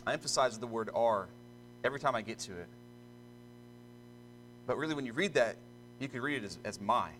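A man's voice: mid-range voice, animated, a little fast, pauses often, fairly bright tone, faint music behind, low-quality recording. A male pastor reading scripture solemnly and then preaching earnestly to a church congregation, repeating himself as he presses a point.

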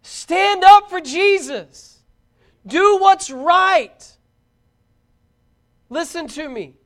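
In a very high-pitched voice, a middle-aged preacher calls out fervent exhortations to a young audience. He speaks very slowly with lively intonation.

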